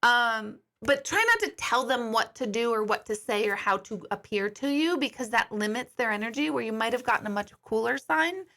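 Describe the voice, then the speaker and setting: A woman's voice: fairly high pitch, moderate pace, hardly any pauses, pushed and bright. A middle-aged woman, a psychic medium, talking casually and bluntly on a livestream, swearing freely and greeting viewers by name.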